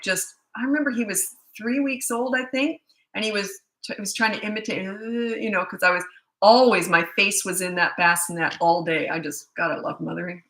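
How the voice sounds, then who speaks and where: A woman's voice: medium pitch, pushed and bright. A middle-aged woman, a parenting coach answering viewer questions in a rambling, chatty way that often restarts mid-sentence. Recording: roomy echoey room.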